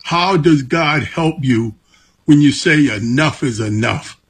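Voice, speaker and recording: A man hosting an interview, asking questions in a slow, deliberate way. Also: on the high side, breathy edge. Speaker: host.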